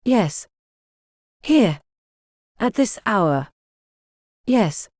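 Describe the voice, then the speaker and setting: A quiet, proud young woman at the end of her rope voiced by a woman reader, soft and restrained in a storybook. Her mellow voice rises and falls widely and moves slowly. Dry, close recording. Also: mid-range voice, very animated, dry recording, voice pushed up, heavily acted. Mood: hesitant.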